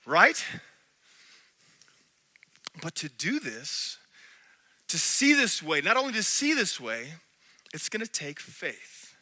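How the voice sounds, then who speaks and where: Bright-voiced preaching man. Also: very high voice, a little slow. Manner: animated preaching, swinging between loud and hushed delivery. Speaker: pastor. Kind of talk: sermon. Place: church.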